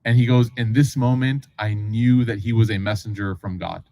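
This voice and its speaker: A man with a fairly low-pitched voice speaks at normal speed on a low-quality recording without echo. As a preacher, he relates a religious story in a casual lecture style, animatedly acting out the characters' voices and often turning to the audience with asides.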